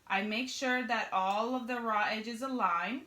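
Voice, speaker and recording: Woman, young adult, sewing instructor, casual tutorial, chatty and jokey, bright tone. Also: a little high, unhurried. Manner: chatty, jokey asides to viewers while working.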